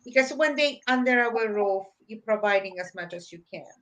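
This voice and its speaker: A woman's voice: mid-range voice, animated, normal speed, a bit bright. A middle-aged woman co-hosting a podcast, giving plain-spoken advice in casual chat. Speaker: podcast co-host.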